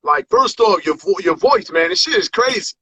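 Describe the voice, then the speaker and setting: A man's voice: high-pitched, animated, normal speed, sharp tone, husky, dry recording. A man hosting a casual hip hop interview, laid-back and full of slang and fillers. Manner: laid-back slang, many fillers and "you know what I mean". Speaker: interviewer host.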